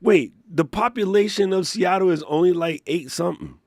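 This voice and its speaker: A man hosting a live Q&A stream, playful and joking, chatting to viewers in a slightly hoarse voice. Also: sits high, moderate pace, a little mellow, dry recording. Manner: playful, joking, laughs often, reads chat aloud. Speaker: livestream Q&A host. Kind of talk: casual live-stream chat.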